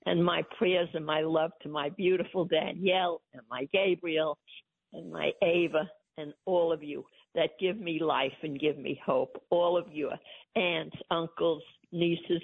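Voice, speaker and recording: A woman's voice: low voice, steady tone, unhurried, creaky, slightly rough, dry recording. An older woman calling in to her son's show, emphatic, gushing and pleading. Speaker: host's mother, phone-in guest. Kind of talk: casual phone chat. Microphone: telephone. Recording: tinny phone line.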